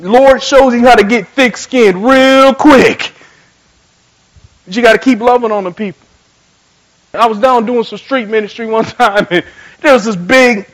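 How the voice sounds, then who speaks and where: A man preaching a sermon as pastor, telling stories animatedly and swinging between loud emphatic lines and quiet soft ones. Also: sits high, rough recording. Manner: animated storytelling, acts out voices in quotes.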